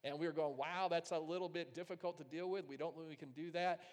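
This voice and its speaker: A man preaching a sermon, telling a personal story and swinging between loud, emphatic passages and hushed, quiet ones. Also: fairly high pitch, steady tone, quick pace. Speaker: pastor. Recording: long hall reverb.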